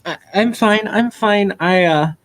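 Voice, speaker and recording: A man's voice: on the high side, big pitch swings, normal speed, husky, voice pushed up. A man voicing a sheepish, friendly young woman in a tabletop game, apologetic and hesitant, with stammers.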